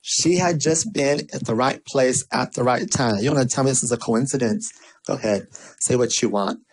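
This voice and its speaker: A vlogger telling a story in a sassy, animated way and then giving casual marketing tips. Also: normal speed, low-quality recording. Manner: acts out quoted voices with big pitch swings. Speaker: vlogger and small business owner.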